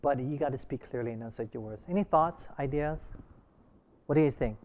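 A man with a medium-pitched, darkish voice leads an interactive Bible class at a brisk pace, asking the group lots of short questions.

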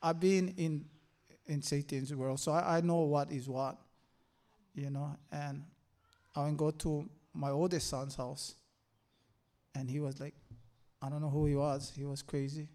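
An older man giving a personal faith testimony, halting and earnest, with many fillers. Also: fairly high pitch, little pitch movement, dark tone. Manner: halting, earnest, full of "you know" fillers.

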